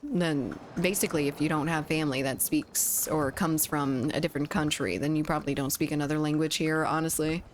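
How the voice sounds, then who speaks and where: Her low voice moves fairly quickly with hardly any pauses and fairly even intonation, and a little hiss or hum sits under it. The young American woman is on a home studio condenser mic for a gaming stream, chatty and laughing often while she reads chat out loud.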